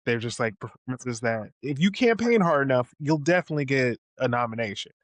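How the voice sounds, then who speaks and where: A man co-hosting a film review podcast at a middling pitch, recounting scenes in a lively way and acting out the quoted lines. He swears freely and talks casually. The recording is dry and close. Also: brisk, no echo. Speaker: podcast co-host.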